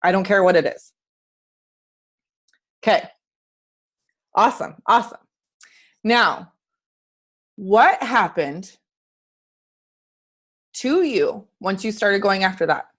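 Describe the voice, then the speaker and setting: A woman's voice: mid-range voice, animated, slow, pauses often, fairly bright tone. Earnest, chatty woman coaching on a call. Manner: earnest, chatty, talks straight to listeners with questions. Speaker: fitness coach. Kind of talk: motivational talk on a group call.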